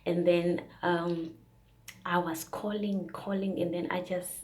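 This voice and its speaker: A woman's voice: fairly low pitch, flat delivery, takes it slowly, darkish tone. A young woman vlogger sharing a casual, earnest faith testimony, rambling with fillers and restarts.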